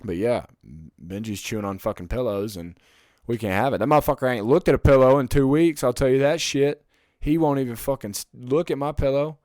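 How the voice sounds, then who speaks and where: A young man hosting a podcast alone, rambling in casual chat, swearing often and getting loud and heated when he rants. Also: medium pitch, brisk, no room sound, studio quality. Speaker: podcast host.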